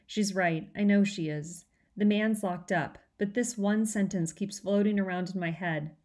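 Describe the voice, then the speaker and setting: A woman teacher reads a chapter of a novel aloud to her class. Her voice sits low for a woman, and she tells the story in a steady, clear way. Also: normal speed. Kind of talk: reading a novel aloud to students.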